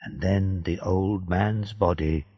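A man narrating a story in a slow, deliberate storybook reading. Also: sits low, steady tone. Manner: slow, gravelly, dark-toned reading. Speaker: audiobook narrator. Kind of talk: scripted narration of a graded reader. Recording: dull lo-fi dry recording.

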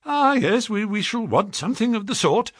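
A man voicing a shaken, nervous middle-aged company man who stammers and strains to sound calm. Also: high-pitched, normal speed, slightly rough, dry recording, clean studio sound, pitched above the performer's own voice, full character voice.

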